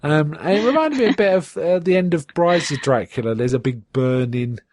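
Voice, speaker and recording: A man's voice: a little high, moderate pace, dry recording. A man recapping an old TV episode on a podcast, chatty and full of fillers and restarts, with quotes acted out in a raised voice. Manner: animated retelling, acts out quotes in a raised voice. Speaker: podcast co-host. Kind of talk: casual episode recap chat.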